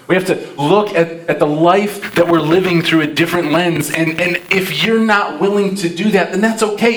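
A man's voice: a little high, background noise. A male pastor preaching a Christmas sermon with passion, his voice swelling and dropping for emphasis. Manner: impassioned, rises and drops in volume for emphasis. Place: church sanctuary. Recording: roomy church sound from a distant mic.

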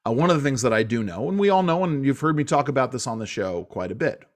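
Animated, halting male talk show host. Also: medium pitch. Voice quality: animated, halting, many restarts and fillers. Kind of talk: political talk show commentary.

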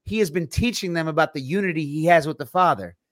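A man's voice: on the high side, quick pace, no room sound. Man explaining scripture, dry close sound. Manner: walks through scripture quoting verse by verse. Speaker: podcast co-host. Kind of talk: casual Bible discussion.

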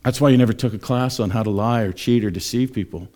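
A man preaching a sermon, sometimes mocking scoffers in high, exaggerated voices. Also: fast, mellow. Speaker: pastor. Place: church.

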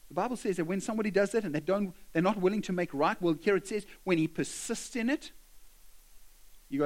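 A pastor delivering a sermon in a high, bright-pitched man's voice. He preaches with animation, slipping into quoted back-and-forth dialogue to make his point. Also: a little fast, poor audio.

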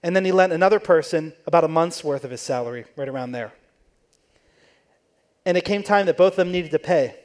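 Pausing often but keeping a brisk pace, the preacher tells his church story conversationally and acts out the quoted speakers. His voice leans high with a darkish tone.

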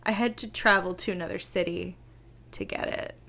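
A woman's voice: fairly low pitch, normal speed, vocal fry, pushed and bright. A woman co-hosting a podcast, chatting casually and laughing often. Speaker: podcast co-host. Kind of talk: casual chat.

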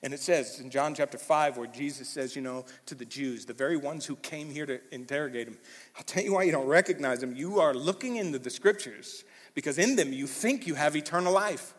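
A man preaching a sermon as pastor, animated and emphatic, swinging from loud bursts to hushed lines, with a conversational manner and fillers. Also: on the high side, brisk. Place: church hall. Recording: long hall reverb.

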